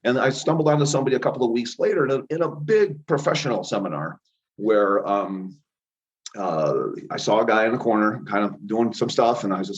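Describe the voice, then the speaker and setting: A man's voice: fairly low pitch, brisk. A middle-aged man telling rambling stories about his path to healing work, often acting out the voices of people he quotes. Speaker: interview guest, chiropractor and healer. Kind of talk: casual storytelling interview. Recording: dull lo-fi audio.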